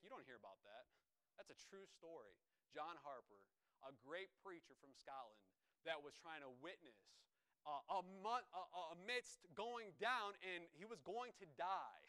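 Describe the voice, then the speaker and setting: Man, preacher, sermon storytelling, emphatic, repeats phrases, high voice, smooth tone. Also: pushed and bright, low-quality recording.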